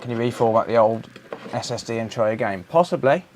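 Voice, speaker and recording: A man's voice: fairly low pitch, level tone, brisk, slight background noise. A British man hosting a repair live stream, chatting casually and answering viewer messages while he works. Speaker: repair livestream host.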